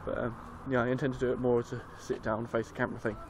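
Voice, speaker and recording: A man's voice: mid-range voice, flat delivery, racing. A young man, vlogging casually into his phone, rambling and swearing as he tells a story. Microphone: handheld phone. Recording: noisy street recording on a phone.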